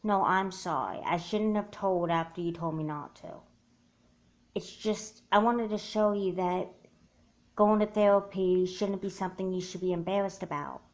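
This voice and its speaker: A woman's voice: lowish voice, moderate pace, lightly acted. A woman voicing an earnest young girl who explains herself in a doll movie. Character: girl who broke a friend's secret.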